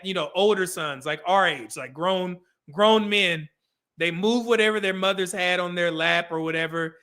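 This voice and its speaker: A middle-aged man hosting a casual livestream, telling stories with frequent laughter and acting out quoted lines. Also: a little high. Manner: animated storyteller, acts out quoted lines. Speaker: podcast host.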